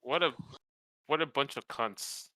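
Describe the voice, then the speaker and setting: A man with a very bright, sharp voice trades crude jokes in a casual group voice chat. The sound is dry and close, with no room around it. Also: medium pitch, unhurried, dry recording, poor audio. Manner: crude, joking banter.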